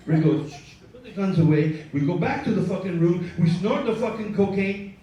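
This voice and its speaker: A man's voice: sits high, lively intonation, moderate pace, warm tone, highs cut off. Rambling guy swearing through a story on stage, echoey room, mic kinda far. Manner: profane, rambling, joking with the crowd. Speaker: storyteller and show producer. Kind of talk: live storytelling performance. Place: live event room with an audience.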